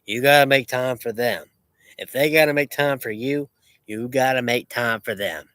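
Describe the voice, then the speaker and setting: A man's voice: medium pitch, normal speed, fairly bright tone, dry recording. A man who runs a lawn care business, talking in a rambling, repetitive and boastful way with many restarts. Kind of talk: rambling casual monologue.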